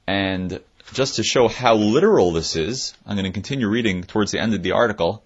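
Man, lower voice, husky, dull lo-fi sound, reads aloud then explains. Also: lively intonation, moderate pace. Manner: reads passages then explains them in a plain conversational aside. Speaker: Torah teacher. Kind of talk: reading aloud and explaining a text.

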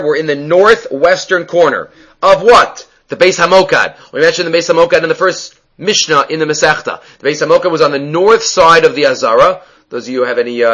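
Bright-voiced man teaching a Mishnah class. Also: a little high, rough recording. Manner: explains step by step, mixing Hebrew terms with English; thinks aloud with frequent fillers and restarts. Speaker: Torah teacher.

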